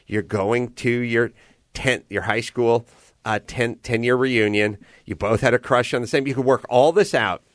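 A man in casual conversation, telling stories in a blunt, profane and animated way. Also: medium pitch, no echo, clean studio sound.

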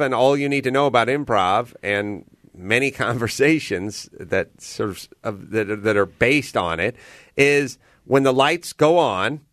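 A man in casual conversation, telling stories in a blunt, profane and animated way. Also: mid-range voice, no room sound, clean studio sound.

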